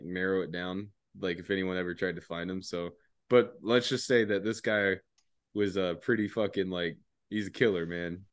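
Young man, lowish voice, laid-back profane storyteller on a podcast. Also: smooth, no echo. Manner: laid-back, laughing often, heavy swearing. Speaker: podcast guest, former enlisted soldier.

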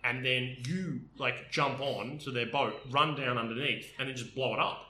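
A man with a very bright, forceful voice talks enthusiastically in a casual chat, piling up fillers as he tells his stories. The room is roomy and echoey around him. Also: medium pitch, fairly even intonation, moderate pace. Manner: enthusiastic, storytelling with many fillers. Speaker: podcast co-host. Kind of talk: casual chat about games. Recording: roomy echo.

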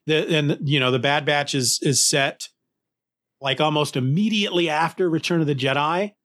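A man talking casually as a podcast cohost, enthusiastic and lively, often restarting his sentences. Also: fairly high pitch, normal speed. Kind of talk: casual conversation.

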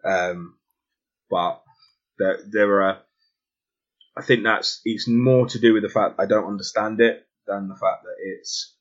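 Speaking steadily at a measured pace with long pauses, the lowish-voiced man talks in a London accent. The casual chat is hesitant and full of restarts, and the recording is dull and lo-fi.

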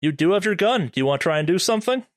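A man running a horror tabletop game as game master, narrating monsters in a deliberate, vivid way with quick rules asides. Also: sits high, animated, dry recording.

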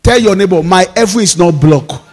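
A Nigerian man preaching a sermon as pastor, with fervent declarations that rise into shouts. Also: sits high, fast talker, long reverb tail.

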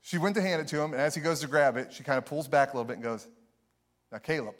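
A young man preaching a sermon, telling a story with animated energy, often laughing. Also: fairly high pitch, racing. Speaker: pastor.

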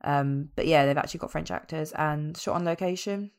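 A woman co-hosting a podcast, relaxed and wry in casual chat. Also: sits low, brisk, smooth. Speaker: podcast co-host.

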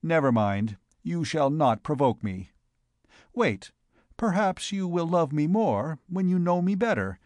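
A man's voice: medium pitch, darkish tone, no echo, studio quality, close to an everyday voice. A man voicing a chatty, self-mocking young vagabond poet in a storybook reading.

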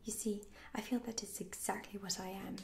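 A woman voicing an earnest young girl who plays mother, in a soft whispered role-play. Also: mid-range voice, steady tone, brisk, vocal fry, a little hiss or hum, lightly acted.

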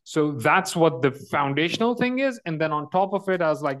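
A man's voice: a little high, animated, normal speed, fairly bright tone. A man as a guest on a talk show, explaining a technique thoughtfully with frequent restarts. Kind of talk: casual chat.

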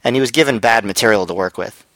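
Bright-voiced rambling man. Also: lowish voice, fast talker, dry recording, low-quality recording. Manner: rambling, hesitant, many fillers. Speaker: podcast co-host. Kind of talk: casual chat reviewing wrestling.

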